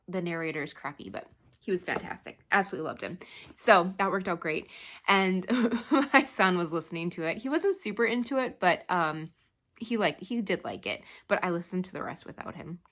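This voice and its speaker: Chatty woman vlogging about books. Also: on the low side. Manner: chatty and animated, laughs often. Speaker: book vlogger. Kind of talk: casual chat.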